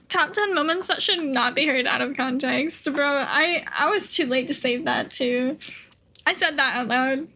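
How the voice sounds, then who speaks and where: A woman's voice: high voice, pushed and bright, slight background noise. A young woman streaming a game live, chatting casually, swearing freely and laughing a lot.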